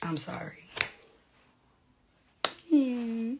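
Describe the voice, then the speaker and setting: A woman's voice: on the high side, expressive, moderate pace, a bit bright, husky. A woman, a reality TV personality, in a casual livestream rant to her fans, brash and profane with mocking asides.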